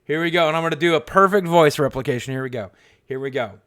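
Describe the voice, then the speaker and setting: A man hosting a live stream, joking with his chat in a self-mocking way and softly coaxing his dog. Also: a little high, quick pace, clear, resonant tone. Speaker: livestream host.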